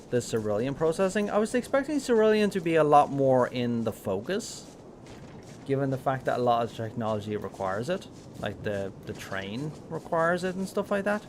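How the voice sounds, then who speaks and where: A man's voice: mid-range voice, a little hiss or hum. An Irish man giving casual live-stream commentary on a game, rambling with lots of fillers and self-corrections. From Ireland.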